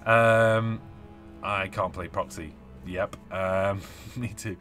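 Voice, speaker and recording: Guy hosting a live stream, chatty, laughs a lot, kinda low voice, bright edge, bit of music in the back. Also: steady tone, slow. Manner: chatty, laughs often, reads viewer comments aloud. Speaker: host reading live chat. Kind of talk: casual live-stream chat.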